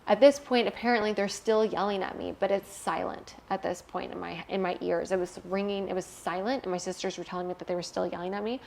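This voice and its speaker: A woman's voice: medium pitch, steady tone, fast talker, vocal fry, hardly any pauses, a little mellow, slight background noise. A young adult woman, an interview guest, telling a painful personal story candidly and emotionally, swearing freely.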